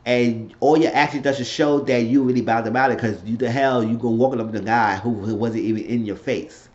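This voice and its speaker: A man's voice: medium pitch, fairly even intonation, brisk, highs cut off. Blunt, opinionated man recapping. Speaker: TV show reviewer. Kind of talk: casual unscripted recap.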